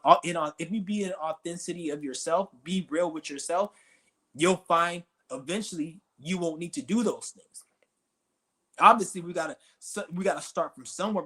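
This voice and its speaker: A man's voice: a little high, a bit bright, slightly rough. A man streaming a profane, confrontational ranting monologue, insulting his listeners as he goes.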